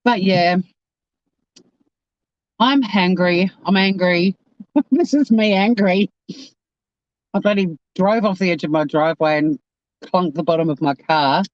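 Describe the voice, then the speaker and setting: A woman's voice: fairly low pitch, moderate pace, darkish tone, no room sound, dull audio. A woman vlogging from inside her car, ranting in exasperation and swearing freely. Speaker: YouTuber. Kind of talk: casual vlog rant.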